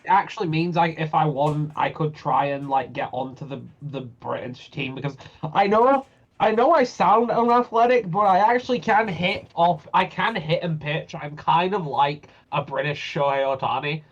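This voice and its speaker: A man's voice: fairly high pitch, normal speed. A man of twenty co-hosting a podcast, joking and swearing through casual banter. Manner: jokey, swears, boastful banter. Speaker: podcast co-host. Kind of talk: casual chat. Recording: slightly dull lo-fi mic.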